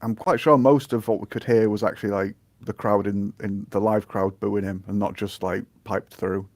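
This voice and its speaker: A man's voice: lowish voice, steady tone, moderate pace, no room sound. A man co-hosting a podcast in casual chat, dry and wry. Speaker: podcast co-host.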